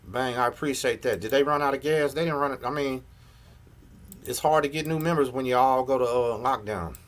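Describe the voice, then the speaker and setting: A man's voice: medium pitch, fairly quick. A middle-aged man, hosting a live reaction and ranting at a rival, confrontational and profane. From Texas. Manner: confrontational, profane, repeats "you know what I'm saying". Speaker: host of a prison story channel. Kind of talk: heated live reaction rant.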